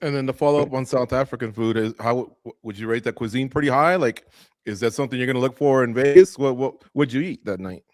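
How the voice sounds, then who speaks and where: A man hosting a radio show, asking relaxed, chummy follow-up questions in a casual interview. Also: mid-range voice, fast, no room sound. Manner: relaxed and chummy, asks loose follow-ups.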